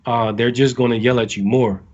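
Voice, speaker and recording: A man's voice: medium pitch, fairly even intonation, brisk, a little mellow, highs cut off. A man, a navy sailor, giving casual advice to recruits, talking in a rambling way with many fillers and restarts.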